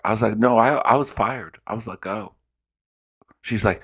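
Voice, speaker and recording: A man with a very low voice hosts a reaction video. He tells stories in casual, animated commentary full of swearing. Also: moderate pace, breathy edge. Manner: profane, animated storytelling.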